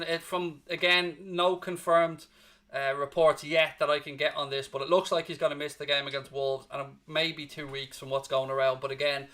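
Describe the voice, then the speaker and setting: Bright-voiced worn-out male fan host. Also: a little high. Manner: emotional, blunt, rambles on tangents. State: exhausted. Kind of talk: live post-match stream reading chat comments.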